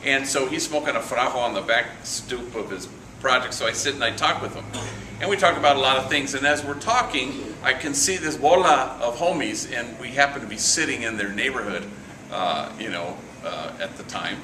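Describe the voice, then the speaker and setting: A middle-aged priest giving a relaxed storytelling reflection at a morning meeting, sprinkling in Spanish slang and acting out the voices of the people he quotes. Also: mid-range voice, moderate pace. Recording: echoey room, from far off, noisy.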